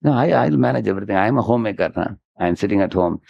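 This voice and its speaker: A man's voice: lowish voice, lively intonation, quick pace, vocal fry, no room sound, highs cut off, full character voice. A man voicing an eager young homemaker wife who insists on doing all the housework herself. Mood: insistent. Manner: insistent, fussing over her husband.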